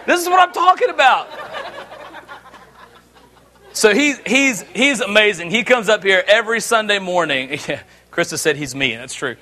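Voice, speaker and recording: A middle-aged man preaching a sermon, telling jokes and family stories with an animated delivery. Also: high-pitched, normal speed, pauses often. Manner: animated, joking storyteller. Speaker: pastor.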